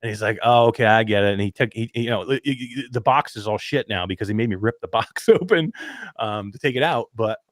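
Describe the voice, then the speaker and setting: A man's voice: fairly low pitch, lively intonation, brisk, a bit bright, dry recording, clean studio sound. A man co-hosting a casual talk show, telling stories in a rambling way with lots of fillers and laughing at himself. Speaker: podcast co-host. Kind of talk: casual chat.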